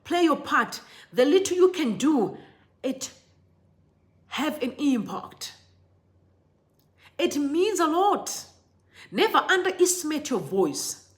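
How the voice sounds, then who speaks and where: Woman host with a higher, very animated voice, delivering emphatic, repetitive political commentary to her viewers. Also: takes it slowly, pauses often. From Zimbabwe. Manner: emphatic and impassioned, repeats phrases and talks directly to her viewers. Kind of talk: impassioned commentary to camera.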